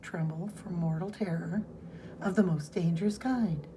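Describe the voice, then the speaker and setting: A woman's voice: fairly low pitch, moderate pace, background noise. A woman co-hosting a podcast, casually recapping a comic's plot in a rambling way. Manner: rambling recap, reads dialogue aloud. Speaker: podcast co-host.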